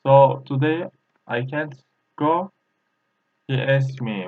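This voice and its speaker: A man, a native Turkish speaker, giving a language lesson in English, halting and repeating words slowly with many fillers. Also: medium pitch. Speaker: language teacher. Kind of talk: slow spoken language lesson. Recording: tinny phone-like audio.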